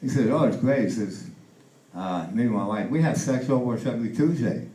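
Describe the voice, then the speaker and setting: A man's voice: medium pitch, fairly quick, warm tone, reverberant, low-quality recording. A man in his eighties doing stand-up for the first time, telling jokes with many fillers and restarts and raising his voice for the punchlines. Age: 80s. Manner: acts out the punchlines in a raised voice. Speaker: stand-up comedian. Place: comedy club stage.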